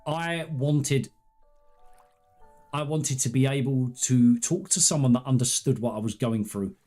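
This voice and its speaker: A man's voice: medium pitch, unhurried, dark tone, faint music behind. A man chatting on a live stream, telling personal stories in a candid, rambling, earnest way. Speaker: gaming streamer. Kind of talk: casual live-stream chat.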